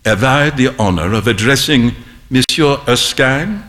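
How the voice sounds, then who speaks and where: A man doing a courteous old French gentleman. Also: mid-range voice, expressive, unhurried. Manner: formal, polite.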